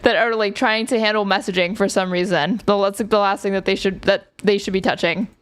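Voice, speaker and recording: A woman's voice: medium pitch, fairly even intonation, brisk, clean tone. Sarcastic, swearing woman streamer. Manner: sarcastic, swears freely, many "like" fillers. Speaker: streamer reacting to a podcast. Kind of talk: casual live-stream commentary.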